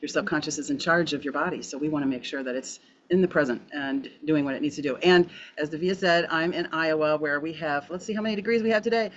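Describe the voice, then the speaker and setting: A woman speaks quickly and chattily over a video call, laughing easily. The audio is dull and lo-fi, with a faint hiss underneath. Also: low voice. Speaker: guest, energy healer. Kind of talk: casual panel chat. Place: home in Iowa.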